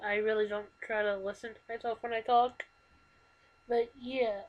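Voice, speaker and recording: A young woman in her twenties with a slightly higher voice talks into a computer microphone. She speaks haltingly and earnestly, with plain emotion in her confessional talk. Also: flat delivery, low-quality recording. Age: 20s. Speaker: vlogger. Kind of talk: confessional personal talk to camera.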